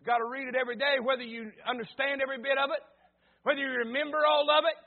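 A man preaching, his voice pitched unusually high. He tells stories in a folksy, stammering way, then pushes up into loud exhortation. The recording is thin and tinny, like it came over a phone. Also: little pitch movement, quick pace. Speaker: pastor. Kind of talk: sermon with personal story.

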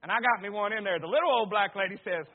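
Male preacher, very high voice, folksy stammering storyteller, tinny phone-line sound. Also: fast. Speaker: pastor. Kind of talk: sermon with personal story.

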